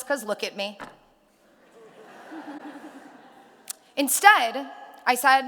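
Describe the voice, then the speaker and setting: Woman, rally speaker, bright forceful voice, storytelling, long hall reverb. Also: high voice, measured pace, pauses often. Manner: animated storyteller acting out dialogue. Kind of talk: public speech with storytelling.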